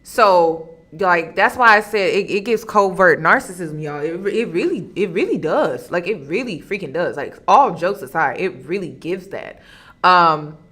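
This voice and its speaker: A woman's voice: deep voice, a bit bright. A woman hosting a reaction commentary, emphatic and exasperated, often turning to her viewers. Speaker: commentary host.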